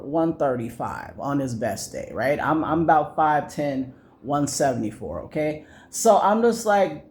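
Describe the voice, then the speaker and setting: A man's voice: a little high, big pitch swings, unhurried, a little mellow. A young man vents in a loose, rambling rant, peppered with swearing. He restarts sentences and leans on fillers as he tells his story. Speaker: vlogger. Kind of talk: casual rant to camera.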